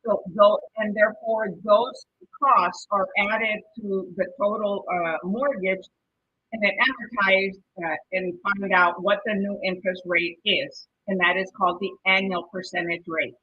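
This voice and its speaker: A woman's voice: medium pitch, fairly even intonation, unhurried, highs cut off, slight background noise. A woman with a Mexican Spanish accent teaching a live-streamed exam prep lesson, chatty and encouraging, often checking in with "okay?". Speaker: real estate exam prep instructor.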